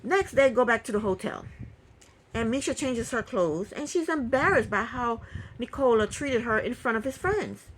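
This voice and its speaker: A woman recapping a reality TV episode in casual talk, opinionated and indignant, with quick asides. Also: a little high, expressive, slight background noise, poor audio.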